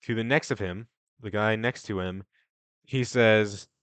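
A man's voice: on the low side, moderate pace, a bit bright. A young man narrating as game master, casual and stumbling, briefly voicing the teachers.

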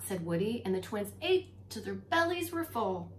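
A preschool teacher, a woman, reading a story aloud to young children, expressive and talking to them directly. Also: mid-range voice, normal speed, a little hiss or hum. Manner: animated and expressive, talks to children.

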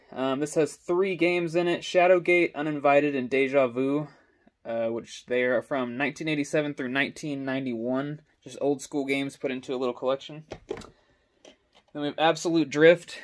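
Rambling young man with a casual chat. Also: a little high. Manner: rambling, lots of ums and uhs. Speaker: gaming collector showing his collection. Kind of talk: casual walkthrough vlog. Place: indoor home with stairs. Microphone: selfie stick camera.

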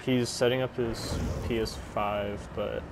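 A man's voice: fairly low pitch, steady tone, a little slow. A man chatting casually on voice chat while gaming, with dry, blunt and profane remarks. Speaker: gamer in voice chat. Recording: clear background noise.

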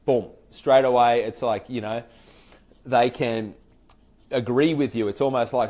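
A man with an Australian accent teaching sales call technique in a relaxed, conversational way, full of fillers and restarts. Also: mid-range voice, measured pace, long pauses. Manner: chatty, loose and hesitant, many fillers and restarts; acts out sample phone greetings. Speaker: sales trainer. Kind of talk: conversational training talk.

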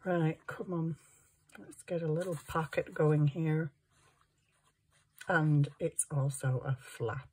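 A woman's voice: deep voice, fairly even intonation, slow pace, long pauses, a little mellow, slightly rough. A woman making a junk journal, chatting to herself as she works. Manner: chatty, talks to herself while working. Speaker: crafting vlogger. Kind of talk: casual crafting chat.

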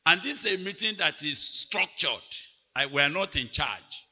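A man preaching a sermon at a retreat, telling a story with big swings between quiet asides and loud, near-shouted peaks. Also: on the high side, lively intonation, normal speed. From Nigeria. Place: large hall at a retreat. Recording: long hall reverb from a church PA.

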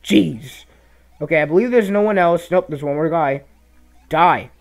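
A young man giving casual gameplay commentary, reacting loudly to the game and muttering asides. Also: fairly high pitch, moderate pace. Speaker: let's play commentator.

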